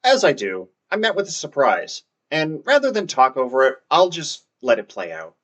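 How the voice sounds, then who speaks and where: A man's voice: on the high side, huge pitch swings, moderate pace, fairly bright tone, soft background music. A man narrating his farming game session in a scripted, wry and self-deprecating way. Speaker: let's play narrator.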